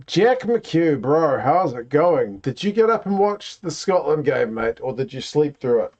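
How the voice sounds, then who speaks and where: In a relaxed live watch-along, a man reacts to the play and chats with his viewers. His fairly high, slightly mellow voice has lively intonation at a normal speed, and the stream audio sounds dull and lo-fi.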